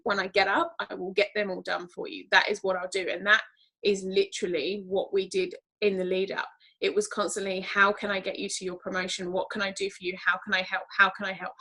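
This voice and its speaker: A woman from Britain chats openly in an interview. Her voice is bright and clear, and she talks in a candid, animated way with plenty of fillers. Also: mid-range voice, poor audio. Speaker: interview guest, team leader. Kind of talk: casual interview talk.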